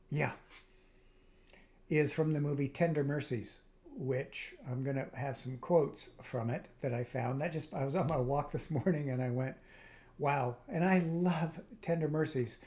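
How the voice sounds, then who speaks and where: On the high side and dark in tone, this male video host moves at a measured pace through a reflective spiritual monologue. He rambles, often restarting his thoughts and drifting into trailing asides.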